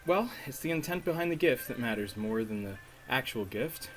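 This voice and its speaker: A man's voice: medium pitch, animated, normal speed, lightly acted, rough recording. A man reading the lines of an earnest young woman heroine aloud in a game, in his own voice. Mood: wistful. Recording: faint music underneath.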